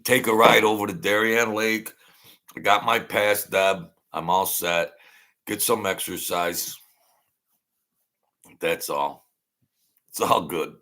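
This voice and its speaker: Deep gravelly new guy rambling on his livestream, blunt, keeps repeating himself. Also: fairly even intonation, slow pace, pauses often, pushed and bright. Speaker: livestream host. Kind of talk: casual livestream chat.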